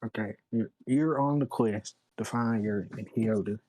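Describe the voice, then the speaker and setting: A man's voice: fairly low pitch, normal speed, warm tone, poor audio. A man playing a tabletop game, talking in a brash, joking way with plenty of cursing. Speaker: player. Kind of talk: casual tabletop role-play.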